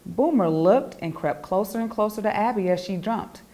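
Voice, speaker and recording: A woman, the author, reading her children's picture book aloud in an expressive, animated storytelling voice. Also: medium pitch, moderate pace.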